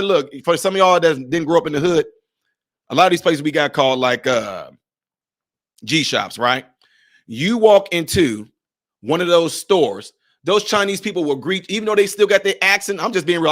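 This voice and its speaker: Man, emphatic vlog commentary, fairly high voice, bright tone. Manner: emphatic, conversational, addresses viewers directly.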